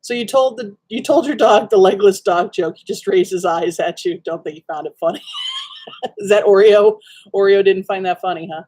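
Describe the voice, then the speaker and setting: A woman's voice: medium pitch, normal speed, darkish tone. A woman chatting casually to her viewers in front of a webcam at home, telling a rambling story padded with lots of ums and likes. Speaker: livestream host. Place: dim room at home.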